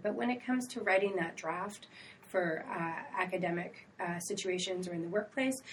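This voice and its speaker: Measured woman, a bit off-mic. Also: on the low side, distant mic, a little hiss or hum. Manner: measured, explanatory. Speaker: writing center director. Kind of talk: casual academic conversation.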